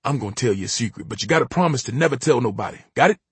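A man reading an audiobook, voicing a gruff, guarded blind old grandfather with a terse, matter-of-fact drawl. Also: mid-range voice, expressive, very fast, dry recording. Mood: confiding.

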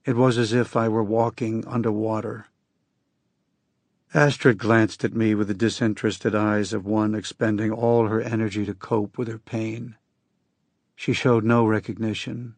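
Gravelly husky guy reading a story slow, dry booth sound. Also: lowish voice, little pitch movement, darkish tone, no echo. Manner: slow, measured, somber reading. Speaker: audiobook narrator. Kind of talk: first-person literary narration.

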